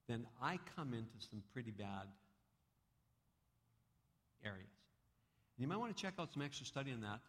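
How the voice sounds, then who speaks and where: A male preacher delivering a sermon and prayer, dramatic and animated, swinging from loud bursts to soft, quiet lines. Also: medium pitch. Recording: echoey hall.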